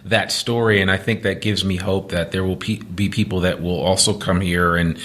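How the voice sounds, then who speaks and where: Low-voiced man hosting a podcast. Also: fairly even intonation, normal speed, a bit bright. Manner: conversational, many restarts and fillers. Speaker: podcast host. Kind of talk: casual interview chat. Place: coworking studio.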